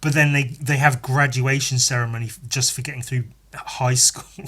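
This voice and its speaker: A man's voice: mid-range voice, steady tone, moderate pace, few pauses, a bit bright. An English man hosting a solo podcast, rambling in a sweary, sarcastic way with lots of asides. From England. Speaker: podcast host.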